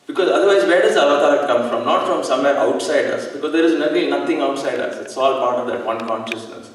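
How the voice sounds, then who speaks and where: A man giving a devotional talk, earnest and reflective, telling a personal story with slow pauses. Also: medium pitch, a little hiss or hum. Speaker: satsang speaker. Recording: echoey hall, speaker far from mic.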